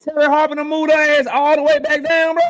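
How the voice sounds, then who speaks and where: A man's voice: very high-pitched, flat delivery, fairly quick, a bit bright. A man hosting a boxing live stream, reading chat and riffing loosely with lots of profanity and slang. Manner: loose, profane, trash-talking, reads chat aloud. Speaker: boxing channel host.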